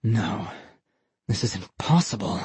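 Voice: low voice, animated, slow pace, darkish tone, slightly rough, dry recording, pitched below the performer's own voice, heavily acted. A narrator voicing a bewildered grown man who stammers and then scolds sternly.

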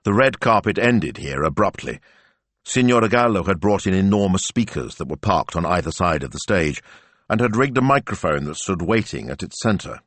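Male audiobook narrator, deep, animated contour, dry studio read. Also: normal speed, no echo.

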